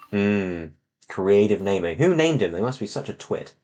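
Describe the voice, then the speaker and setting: A man's voice: on the low side, big pitch swings, normal speed, mellow. A man reading a children's novel aloud to friends, breaking off with sarcastic asides. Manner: sarcastic asides, mock-dramatic. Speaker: reader on a voice chat.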